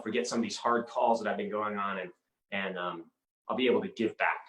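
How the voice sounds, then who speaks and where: Earnest guy telling a story at a talk, lowish voice, keeps repeating words, echoey room. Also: fairly even intonation, a bit bright. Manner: earnest, halting, with frequent word repeats. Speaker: inspirational speaker. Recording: roomy echo.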